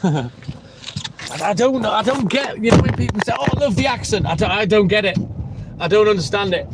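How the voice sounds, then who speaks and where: A man's voice: sits high, fairly quick, very noisy. Cheery English man chatting on a livestream. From England. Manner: cheery, jokey, laughs often, answers comments by name. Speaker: livestreaming milkman. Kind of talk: casual livestream chat with viewers. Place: outdoors on a night delivery round by a seafront.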